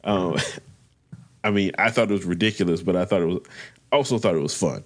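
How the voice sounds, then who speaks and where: A man co-hosting a podcast in casual chat, speaking haltingly and thinking aloud with many restarts. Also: deep voice. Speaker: podcast co-host.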